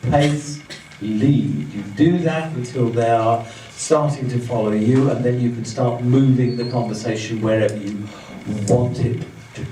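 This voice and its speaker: A man leading a live training seminar on communication, explaining to an audience and acting out fast and slow speech and gestures as he goes. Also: mid-range voice, fairly even intonation, dark tone. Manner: demonstrative, acts out speeds and gestures as he explains. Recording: roomy, distant, faint background hum.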